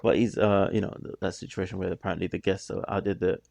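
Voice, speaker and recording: A man's voice: sits low, little pitch movement, fast, creaky, a little mellow, no room sound. A man giving casual reaction commentary on a music video, musing in a stop-start way with apologetic asides.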